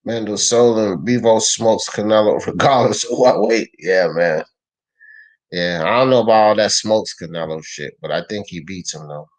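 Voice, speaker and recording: Slangy, animated male boxing live-streamer. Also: fairly low pitch, normal speed, poor audio. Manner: animated, slangy, argues with chat. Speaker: host of a live sports talk stream. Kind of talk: casual live-stream boxing talk, reading chat.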